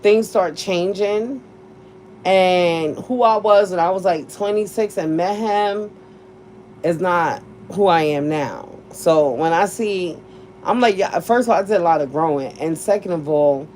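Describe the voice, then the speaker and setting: A woman's voice: fairly low pitch, a little slow, darkish tone, slight background noise, poor audio. A woman, talking candidly and bluntly in a casual chat, cursing freely and laughing often. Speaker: podcast host.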